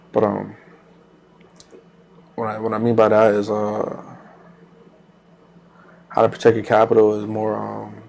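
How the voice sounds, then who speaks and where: A man's voice: lowish voice, vocal fry, a little mellow, slight background noise. A man hosting a trading channel, talking casually while he trades live, rambling loosely with repeated phrases and fillers.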